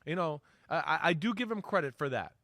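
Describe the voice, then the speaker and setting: A middle-aged man with a fairly high voice breaks down football as an analyst on a sports talk show. He talks in an animated way, slips into quoted voices and keeps tossing in "right?". The sound is close and dry. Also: quick pace, no room sound. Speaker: sports analyst, former NFL player.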